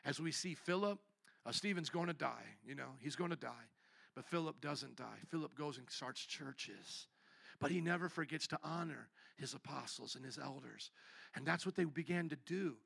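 Male pastor from the Midwest, high voice, gravelly, animated storytelling sermon. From American Midwest. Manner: animated, acts out voices and signs in stories.

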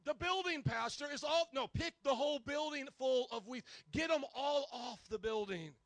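Gravelly high-voiced male preacher. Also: normal speed, no echo. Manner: storytelling, animated, acts out quotes. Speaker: pastor. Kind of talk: sermon.

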